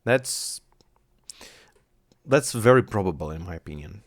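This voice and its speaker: A man's voice: low-pitched, expressive, unhurried, no echo, studio quality. A man giving casual reaction commentary on an anime at home, rambling, swearing and thinking aloud. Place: home, on a squeaky chair.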